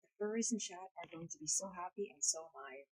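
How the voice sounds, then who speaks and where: A woman's voice: on the low side, lively intonation, quick pace, darkish tone, slightly rough, rough recording. A woman live streaming in casual chat, playful and blunt, swearing freely, speaking English as a second language. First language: not English.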